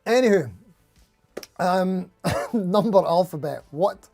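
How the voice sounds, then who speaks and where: A man's voice: high voice, expressive, slow, vocal fry, darkish tone, soft background music. A man hosting a casual live stream, rambling and laughing at himself as he reads out supporter names.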